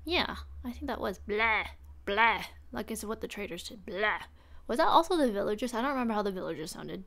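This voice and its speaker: A woman's voice: a little high, animated, fast talker, gravelly. A young woman livestreaming, chatting casually and rambling as she thinks aloud. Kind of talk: casual stream chat.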